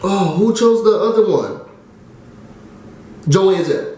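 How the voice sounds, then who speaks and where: A man recapping a TV show in a casual, excitable chat, trailing off with fillers. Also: high-pitched, slow pace. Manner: chatty and excitable, drops fillers and "da, da, da". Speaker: TV recap vlogger. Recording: very echoey room.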